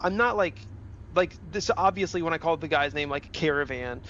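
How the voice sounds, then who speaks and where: Young male streamer, casual profane play-by-play, raised pitch, game engine roaring underneath. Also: fairly quick, a bit bright, muffled recording. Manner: slangy, profane, rambling. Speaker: sim racing streamer. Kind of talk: casual livestream commentary while racing. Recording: engine noise of a racing game behind. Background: car engine and game sounds.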